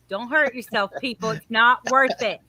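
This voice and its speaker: A woman with a bright, slightly high voice. She hosts a music radio show and teaches singing. She coaches with animated energy and laughs easily. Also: measured pace. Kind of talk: casual chat.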